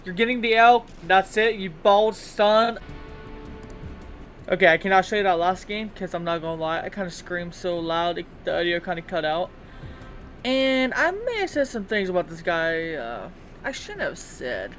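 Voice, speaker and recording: A young man giving live gameplay commentary as a gaming YouTuber, excitable and taunting, often bursting into yells at other players. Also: sits high, moderate pace, faint music behind.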